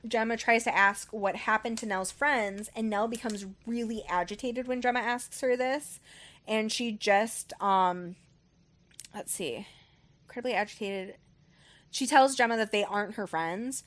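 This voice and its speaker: A woman's voice: fairly high pitch, a little slow, a bit bright. A woman hosting a book club podcast, recapping a story in a rambling casual way, full of ums and likes and the odd casual swear.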